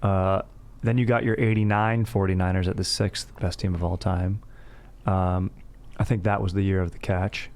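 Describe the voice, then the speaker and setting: A man with a fairly low voice talks through a casual sports podcast. He rambles, jokes about himself and laughs often. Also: little pitch movement, normal speed, darkish tone. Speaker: podcast host.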